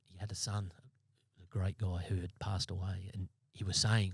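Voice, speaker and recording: An Australian man in his fifties, a former police sergeant, telling his story as a podcast guest in a blunt, halting way with many restarts. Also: sits low, flat delivery, husky, no room sound, studio quality. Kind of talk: interview storytelling. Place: podcast studio.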